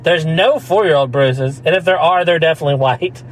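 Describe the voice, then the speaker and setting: A man's voice: a little high, a little fast, poor audio. A man telling a rambling story in casual chat, laughing often and slipping into mock voices. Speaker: podcast co-host.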